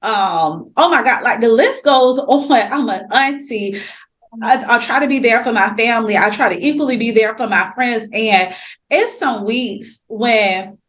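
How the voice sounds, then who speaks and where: A woman's voice: on the high side, a little slow, fairly bright tone. A woman hosting a faith podcast, talking in a candid, emphatic way and cutting in with exclamations. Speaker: podcast host. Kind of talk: casual faith podcast conversation.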